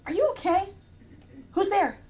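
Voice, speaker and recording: A woman's voice: very high-pitched, expressive, measured pace, a little mellow, voice pushed up. A woman voicing a male prison inmate calling anxiously through the bars in an audiobook. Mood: alarmed.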